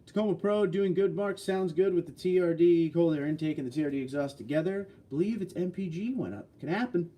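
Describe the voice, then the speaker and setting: Blunt, folksy man in his sixties, mellow voice. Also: fairly high pitch, a little fast, few pauses. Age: 60s. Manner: blunt, folksy, opinionated, reads out chat messages. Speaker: livestream host. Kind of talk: casual livestream chat reading viewer comments.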